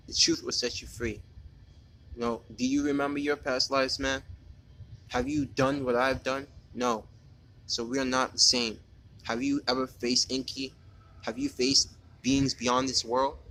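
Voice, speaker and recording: A man in a personal spoken monologue, talking in an earnest, halting way with many restarts and repeated words, defiant when he speaks straight to a critic. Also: mid-range voice, pushed and bright, rough recording.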